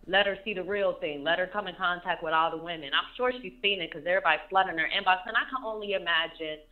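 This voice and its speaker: A woman's voice: fairly low pitch, fast talker, narrow, tinny audio. A woman of about thirty, an interview guest, talking earnestly and repeating her points for emphasis. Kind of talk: candid emotional interview talk.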